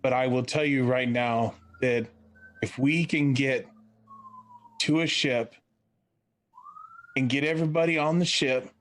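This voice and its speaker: A man's voice: mid-range voice, close to an everyday voice. Give me a persuasive man with a cane, as a player puts him on, earnest and reassuring. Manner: pleading, reassuring.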